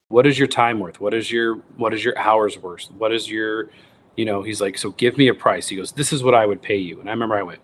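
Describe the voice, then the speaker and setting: A lower-voiced man in his thirties tells his story in a relaxed interview, slipping into quick impressions of bosses and clients as he goes. He restarts his sentences often. A faint hiss sits under the recording. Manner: animated storyteller acting out quoted voices, many restarts. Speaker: guest, wild game cook and recipe writer.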